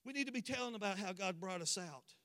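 A man preaches with fervor, his voice high-pitched and bright. He builds to emphatic declarations, and the sound rings with the long reverb of a large church hall. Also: expressive, quick pace. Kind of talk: sermon. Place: church sanctuary.

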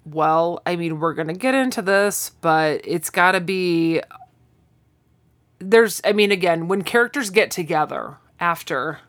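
A woman's voice: fairly low pitch, animated, unhurried. A woman co-hosting a podcast in casual chat, retelling scenes and acting out the characters' lines in quoted voices. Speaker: podcast co-host.

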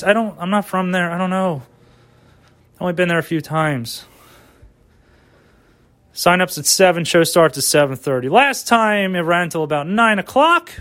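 A man's voice: sits high, fairly bright tone. Rambling, profane man in his kitchen. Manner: rambling, profane, talks to himself. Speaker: vlogger and amateur stand-up comic. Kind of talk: rambling casual monologue. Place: home kitchen.

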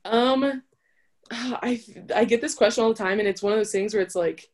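A woman's voice: on the high side, normal speed, darkish tone. A young adult woman, an interview guest and college volleyball player, telling her story in a chatty, casual way that is full of "like". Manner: chatty, with frequent filler "like".

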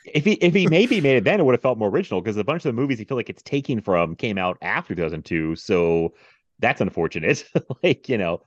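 A man's voice: fairly low pitch, big pitch swings, fast, no room sound, lo-fi sound. A man hosting a movie podcast, chatting casually with frequent laughs and fillers. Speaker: podcast host.

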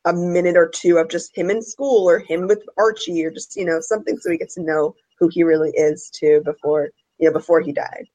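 A woman's voice: fairly low pitch, fairly even intonation, fairly quick, hardly any pauses, mellow, rough recording. A woman who is a guest on a casual podcast, easygoing and often filling her speech with "like".

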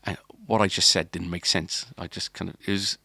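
Deep, creaky, and husky, this man's voice is bright and forceful yet flat in delivery, moving fairly quickly. As a podcast co-host, he tells a long, rambling story with plenty of filler and restarts, in clean studio sound with no room noise.

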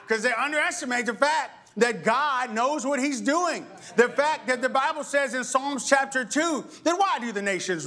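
A middle-aged male pastor preaching a sermon in an animated way, with sudden high exclamations and call-and-response with the congregation. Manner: acts out voices of others in quick asides.

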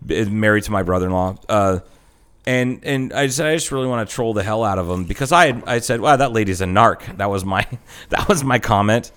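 A middle-aged man trading jokes on a podcast in an irreverent, meandering way. His voice is lowish and smooth. He restarts his sentences often as he tells a story. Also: a little fast, a bit bright. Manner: irreverent, joking, trails off and restarts. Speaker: podcast co-host. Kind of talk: casual chat.

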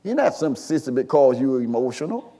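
A man, preaching a sermon, swinging from quiet storytelling to shouted call-and-response. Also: medium pitch, big pitch swings, a little fast. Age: 60s.

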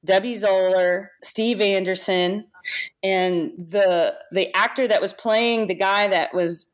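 A woman, a guest makeup artist, telling stories in a casual chat, lively and laughing often. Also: mid-range voice, takes it slowly. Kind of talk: casual storytelling.

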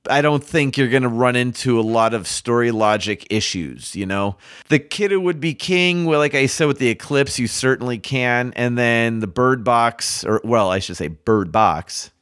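A man's voice: medium pitch, normal speed, a bit bright, clean tone, no room sound, clean studio sound. A man co-hosting a podcast, chatting casually about movie trailers in a rambling way with lots of fillers. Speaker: podcast co-host.

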